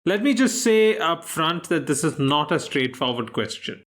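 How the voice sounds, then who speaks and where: A man's voice: a little high, big pitch swings, moderate pace, fairly bright tone. A man from India hosting a casual quiz podcast, posing questions playfully. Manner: playful, puts on an English accent. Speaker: quiz host.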